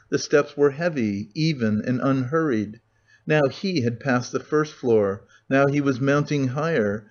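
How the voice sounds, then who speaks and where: A man narrating an audiobook in a steady, measured reading on a dull lo-fi recording. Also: medium pitch. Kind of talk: scripted narration of a classic novel.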